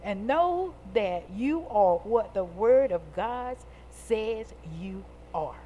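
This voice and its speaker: A woman preaching a sermon to a congregation, talking in call-and-response and building to loud, stretched-out emphatic peaks. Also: a little high, animated, slow pace, hardly any pauses.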